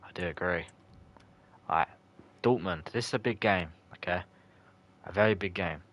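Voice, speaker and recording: A man's voice: deep voice, moderate pace, a bit bright. A man live-streaming a football video game, chatting loosely with his viewers, joking in slang and swearing when things go wrong. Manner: chatty and loose, answers chat viewers by name. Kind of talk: casual live-stream commentary, reacting to chat.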